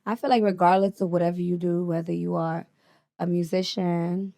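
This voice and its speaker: A woman with an American accent, a rapper talking as a guest in a relaxed interview, laid-back and slangy. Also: on the low side, normal speed, vocal fry. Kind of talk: casual interview chat.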